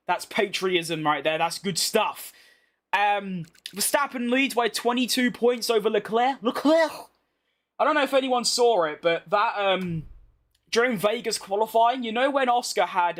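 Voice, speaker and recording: Young British man, fairly high-pitched, chatty, blunt, slangy banter, casual game commentary. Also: a bit bright. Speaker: gaming YouTuber. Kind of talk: casual gameplay commentary reading chat.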